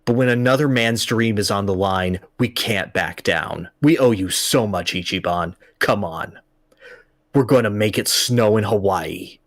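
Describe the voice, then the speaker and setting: A man's voice: lowish voice, measured pace, fairly bright tone, no room sound, studio quality, voice pushed down. A man voicing an adult gangster boss dressed as a baby, speaking solemnly.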